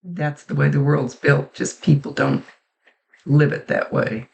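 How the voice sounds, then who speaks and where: A woman working as a psychic medium who gives a spoken reading, relaying messages in a halting, conversational way and often restarting her sentences. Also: low-pitched, level tone, vocal fry, a little mellow, highs cut off.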